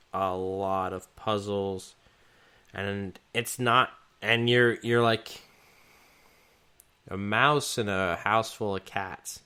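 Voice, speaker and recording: Casual podcast co-host, male, low and smooth, rambly delivery. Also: bright, forceful tone. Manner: rambling, many restarts and fillers. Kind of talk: casual gaming chat.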